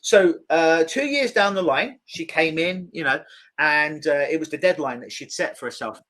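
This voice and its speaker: A man, a clinical hypnotist, telling a client story as a guest in an expressive, lively conversational way, often repeating words as he starts a sentence. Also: on the high side, moderate pace.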